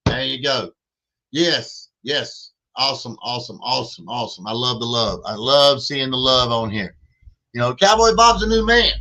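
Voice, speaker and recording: A man's voice: mid-range voice, lively intonation, moderate pace, sharp tone, poor audio. A man, co-hosting a livestream and hyping donations, repeating phrases and calling himself in the third person. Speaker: podcast co-host. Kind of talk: lively livestream fundraising chat.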